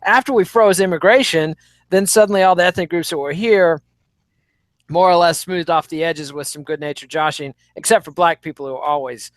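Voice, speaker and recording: A man's voice: a little high, fairly quick, no room sound. A man giving wry, opinionated commentary in podcast chat. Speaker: podcast co-host.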